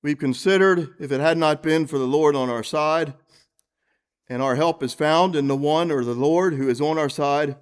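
High-voiced earnest preacher. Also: male voice, normal speed, clear, resonant tone. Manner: earnest, asks the congregation questions. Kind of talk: sermon. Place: church, evening service.

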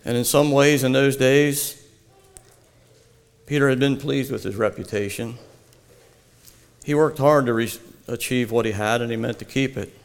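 Man, story narrator, slow and earnest, gravelly tone, reverberant hall. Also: medium pitch. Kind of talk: reading a devotional story aloud.

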